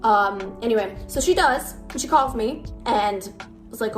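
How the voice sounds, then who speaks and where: Young woman, storytime vlog, animated, blunt, cursing, fairly high voice, faint music underneath. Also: moderate pace. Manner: animated, blunt, swears freely. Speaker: TikTok storyteller. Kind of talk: casual storytime to camera.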